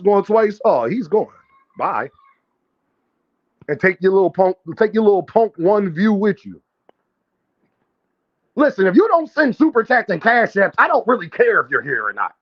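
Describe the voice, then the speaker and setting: A man's voice: sits high, big pitch swings, moderate pace, pauses often, highs cut off. A man hosting a boxing livestream in casual commentary, brash and profane, trash-talking viewers and calling out his chat directly.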